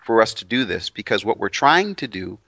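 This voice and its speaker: Christian co-host guy, low bright voice, earnest, muffled dry audio. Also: very animated, no room sound. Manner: measured and earnest, hesitates with "uh". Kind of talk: casual discussion.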